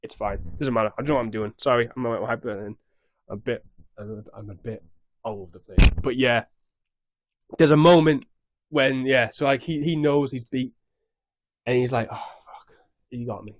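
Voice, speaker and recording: A man's voice: medium pitch, fairly even intonation, normal speed. A young man casually recapping a show on his vlog in a scattered, rambling way, swearing freely. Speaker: YouTube recap host.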